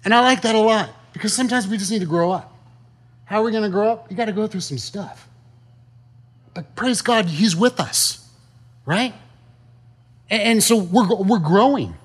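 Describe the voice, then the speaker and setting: A man's voice: high voice, normal speed, pauses often, breathy edge. A man preaching a sermon in a conversational, folksy way, full of rhetorical questions and asides. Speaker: pastor.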